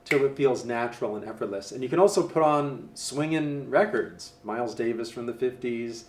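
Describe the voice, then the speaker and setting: A man teaching jazz piano in a relaxed, casual way, counting beats aloud and scatting rhythms. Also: mid-range voice, normal speed. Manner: easygoing, counts beats aloud and scat-sings syllables. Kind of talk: casual spoken instruction. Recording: roomy, distant mic, faint hiss.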